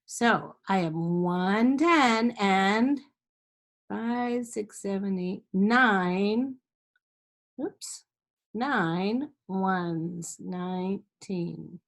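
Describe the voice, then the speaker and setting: A woman's voice: mid-range voice, drawn-out words. A woman teaching a step-by-step math lesson to young children, patient, with sing-song chants and frequent check-ins.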